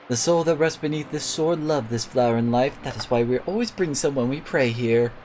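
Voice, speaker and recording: Man reading a polite gentle noblewoman. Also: mid-range voice, fairly quick, a little hiss or hum, lightly acted, low-quality recording. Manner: polite, formal.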